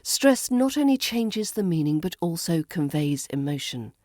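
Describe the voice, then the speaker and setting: Brief: British woman accent coach, low-ish voice with animated pitch, dry sound. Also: no room sound. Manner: slow, deliberate, demonstrates stress and pronunciation. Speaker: accent coach and podcast host. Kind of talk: scripted podcast lesson.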